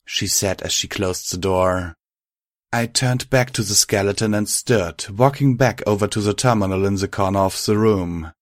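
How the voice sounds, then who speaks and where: A man reading first-person fan fiction aloud in a measured, reflective manner. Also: lowish voice, no echo, studio quality. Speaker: audiobook reader.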